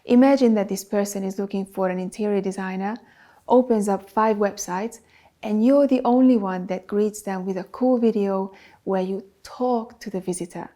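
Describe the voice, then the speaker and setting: A woman who is not a native English speaker hosts a business advice talk to camera, producing videos for clients. She speaks emphatically and lists items in a steady rhythm. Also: mid-range voice, normal speed. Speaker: video producer and channel host.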